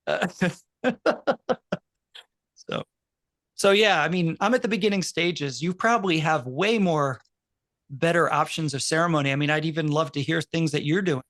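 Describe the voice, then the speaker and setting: A man, a university professor, speaking in casual conversation as an animated storyteller, full of quick asides and restarts. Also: a little high, no echo. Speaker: university professor and podcast co-host.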